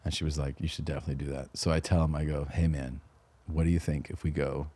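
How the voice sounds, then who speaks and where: A man guest telling a casual, animated story, acting out quoted dialogue and laughing often. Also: rumbling low, fast talker. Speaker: guest comedian.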